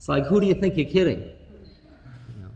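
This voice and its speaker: A man's voice: mid-range voice, big pitch swings, moderate pace, vocal fry, mellow, dull audio, slight background noise. Man, spiritual lecturer, amused storyteller, recorded in a hall with long reverb. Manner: wry, laughing, musing, playful asides. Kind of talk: storytelling talk.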